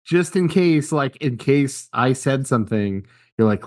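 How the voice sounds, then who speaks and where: A man's voice: mid-range voice, animated, unhurried. A man co-hosting a podcast, chatting and joking in an easygoing way. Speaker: podcast co-host. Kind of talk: casual chat.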